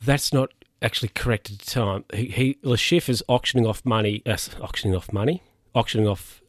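A man's voice: on the low side, brisk, dry recording, studio quality. A man casually recapping a film's plot, rambling, with lots of fillers and self-corrections. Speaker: film recap host.

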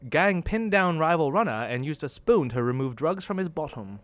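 Playful, animated male podcast host. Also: on the high side, normal speed, a little hiss or hum. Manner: playful, laughs often, teasing. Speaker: podcast host reading headlines. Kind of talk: casual comedic podcast chat.

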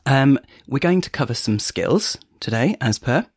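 A man's voice: mid-range voice, very animated, unhurried, breathy edge, no echo, studio quality. Chatty man hosting a podcast. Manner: chatty, laughs often, many ums. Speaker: podcast host. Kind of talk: casual chat.

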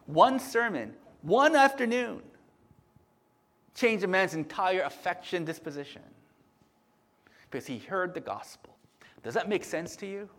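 A man preaching a sermon, telling stories with lots of "right?" tag questions and swinging between loud bursts and hushed murmurs. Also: sits high, expressive, measured pace, long pauses. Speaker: pastor.

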